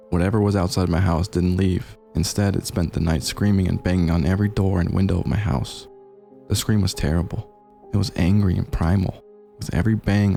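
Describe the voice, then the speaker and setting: A man narrating a horror story in a measured, grave storytelling manner. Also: deep voice, gravelly, mellow. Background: faint gameplay music.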